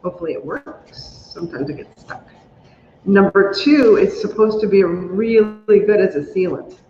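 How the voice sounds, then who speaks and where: A chatty woman hosting a crafting livestream, talking along as she works and squealing high whenever something thrills her. Her voice sits in a roomy space with a long ring after each phrase. The sound is a bit dull and lo-fi, with a faint hum underneath. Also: normal speed. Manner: chatty, excitable, squeals when delighted. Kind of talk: casual livestream chat while crafting.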